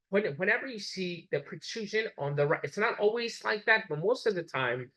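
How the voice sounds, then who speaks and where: A man lectures a live class in a slightly high voice. He explains patiently, step by step. He repeats his examples so everyone can follow. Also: pushed and bright, rough recording.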